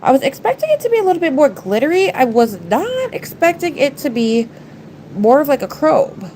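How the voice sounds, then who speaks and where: Her high-pitched, sing-song voice is a little mellow, and she speaks at a moderate pace. The congested woman rambles chattily to viewers and her pets as she livestreams nail art from her work desk. Audio quality is poor, with some slight background noise.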